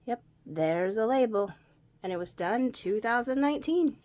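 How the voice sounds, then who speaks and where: A woman's voice: on the high side, animated, moderate pace, a little mellow. A woman casually narrating her week's quilting and sewing projects, walking through each piece step by step. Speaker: crafting vlogger. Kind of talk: casual show-and-tell narration.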